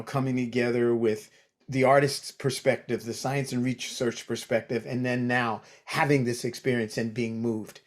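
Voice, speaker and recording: A male host speaks earnestly in a husky voice at a medium pitch. His phrases trail off softly, and he trips over a few words. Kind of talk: earnest moderated talk.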